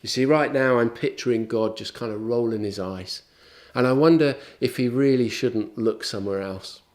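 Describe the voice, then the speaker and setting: A man's voice: medium pitch, moderate pace, darkish tone. A man preaching a sermon in a conversational, wry and emphatic way.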